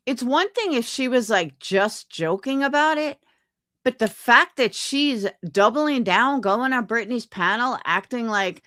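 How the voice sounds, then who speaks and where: A woman's voice: a little high, expressive, measured pace, fairly bright tone, no echo. A young woman on a live stream, chatting casually with viewers and venting in indignant, profane talk. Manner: indignant, profane, quotes others in put-on voices. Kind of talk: casual chat stream, reading comments.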